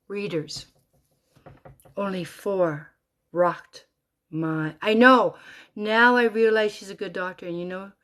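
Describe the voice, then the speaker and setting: A middle-aged woman telling a personal story as a rambling monologue, animated and swearing freely, with lots of asides. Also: on the low side.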